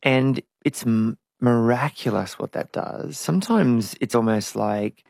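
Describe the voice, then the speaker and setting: Middle-aged woman guest, gravelly, candid, dry close sound. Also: low voice, slow pace, dry recording. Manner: frank and reflective, animated at times. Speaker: interview guest, singer. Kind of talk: candid conversational interview.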